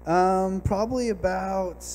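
A man at a church service telling his testimony in an animated, storytelling way. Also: high voice, takes it slowly, a loud crowd. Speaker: guest sharing a testimony.

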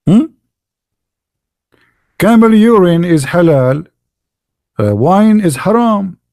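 A man's voice: sits high, lively intonation, slow pace, dark tone, dry recording, clean studio sound. A man hosting a polemical monologue, mocking as he talks, asking rhetorical questions and repeating words for emphasis. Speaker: channel host.

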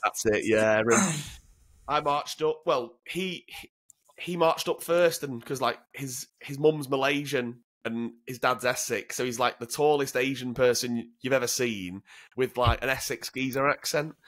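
A former commando from Northern England sits in as an interview guest, spinning frank, swear-filled stories in a casual way. His medium-pitched voice is unhurried and slightly bright, and he tends to repeat words as he gets going.

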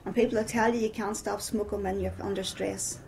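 A woman's voice: mid-range voice, steady tone, brisk, vocal fry, a crowd in the background, low-quality recording. A middle-aged woman with a Northern Irish accent giving a personal testimony, telling her story with many repeated "I says".

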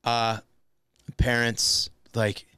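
A man hosting a casual comedy podcast, telling a self-deprecating story with lively energy and acted-out outbursts. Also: medium pitch, very slow, clean tone, dry recording, studio quality. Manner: animated, self-deprecating storyteller, acts out his own shouts. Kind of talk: casual chat.

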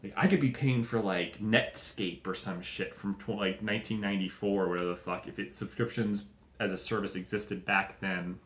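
A man's voice: on the low side, fairly even intonation, normal speed, fairly bright tone, reverberant. A young man hosting a podcast, riffing in a profane, tangent-hopping comic monologue and acting out little scenes. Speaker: podcast host. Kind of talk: rambling comedic monologue.

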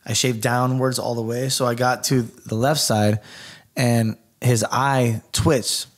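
A man with a Californian accent, a barber telling a story on a podcast, animated and full of swearing, acting out what people said. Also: medium pitch, takes it slowly. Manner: animated, swears a lot, acts out quotes. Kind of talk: casual storytelling chat.

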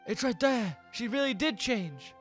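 A young man commentating a Minecraft let's play in an excitable way, yelping and gasping and tossing in quick jokey asides. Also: medium pitch, soft background music. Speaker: gaming YouTuber.

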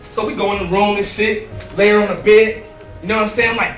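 A man's voice: high voice, fairly even intonation, fast talker, fairly bright tone, reverberant, far from the mic, soft background music. A man doing a crude, rambling stand-up comedy set in a small, nearly empty club, laughing at his own jokes.

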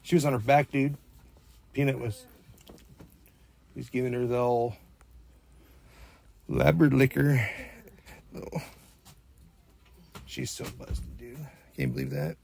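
Gravelly man mock-scolding his dog. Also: medium pitch, fairly even intonation, slow pace, long pauses, a little mellow. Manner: teasing, playfully stern. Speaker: dog owner filming his pets.

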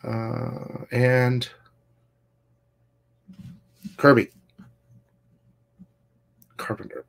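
A man hosting a casual comic book livestream, talking fast and loose, swearing freely and reading viewer comments aloud. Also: medium pitch, creaky. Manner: profane, excitable, reads chat aloud. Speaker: comic shop livestream host. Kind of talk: casual live-stream chat.

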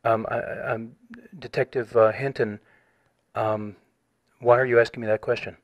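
A man's voice: mid-range voice, flat delivery. Formal man reading a complaint. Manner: formal, measured, insistent. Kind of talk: reading a complaint over the phone. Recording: dull lo-fi audio.

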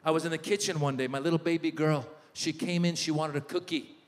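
A middle-aged man doing an animated stand-up comedy set, acting out the voices of people in his stories. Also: fairly high pitch, fairly quick. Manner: animated storytelling, acts out voices of others. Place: large theater stage. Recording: live hall reverb with audience ambience.

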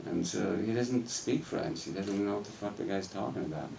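A man on a film Q&A panel, talking in a rambling, animated way and laughing as he tells stories in a cinema hall. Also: on the low side, normal speed, creaky, recorded from a distance, noisy background. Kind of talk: casual live Q&A storytelling. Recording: echoey hall, mic heard from afar.

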